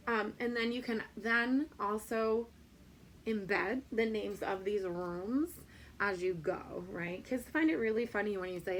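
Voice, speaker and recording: A female Spanish teacher chats with colleagues at a teacher training session, saying um a lot and slipping into a playful, sing-song delivery when reciting a kids' rhyme. Her mid-range voice moves at a measured pace, with a little hiss or hum in the recording.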